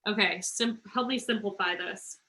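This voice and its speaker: Bright-voiced woman tutoring math. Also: medium pitch, low-quality recording. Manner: encouraging, talks through steps slowly. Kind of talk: online tutoring session.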